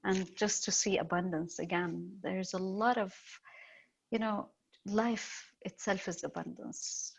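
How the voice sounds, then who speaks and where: A woman from Palestine, a yoga teacher speaking calmly and thoughtfully with many pauses as an interview guest. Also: mid-range voice, creaky, slightly rough, poor audio. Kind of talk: reflective conversation.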